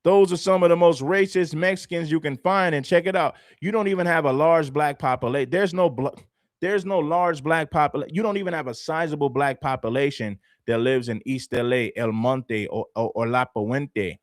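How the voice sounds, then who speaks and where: A man's voice: fairly high pitch, normal speed, dry recording, clean studio sound. A man from Los Angeles hosting a commentary livestream, talking assertively and repeating his points for emphasis. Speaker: livestream host.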